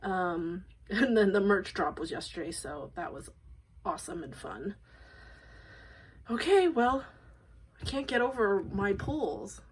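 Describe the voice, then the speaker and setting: A woman's voice: mid-range voice, lively intonation, slow, pauses often, husky, poor audio. A woman filming a casual unboxing vlog, gushing and rambling, emotional and shaky, often apologizing. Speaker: vlogger unboxing photocards. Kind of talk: casual excited unboxing talk.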